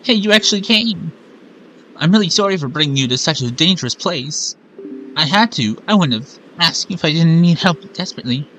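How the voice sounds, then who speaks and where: A man's voice: high voice, lively intonation, normal speed, a bit bright, a little hiss or hum, voice pushed up, rough recording. A man voicing an earnest, apologetic young bird-woman from a video game, reading her lines aloud in shifting mock accents. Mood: pleading.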